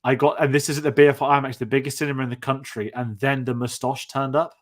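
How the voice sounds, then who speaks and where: A man with a mid-range voice and level tone talks fast while hosting a film-review podcast. His casual chat about movies is chatty and rambling, and he restarts his sentences often.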